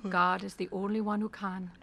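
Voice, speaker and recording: A woman's voice: mid-range voice, level tone, moderate pace, vocal fry, a bit bright. A woman playing an elderly woman in her seventies who nurses a sick man and prays over him earnestly, in a radio drama. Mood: tender. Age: 70s. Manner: earnest, pleading prayer. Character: kindly elderly woman nursing and praying.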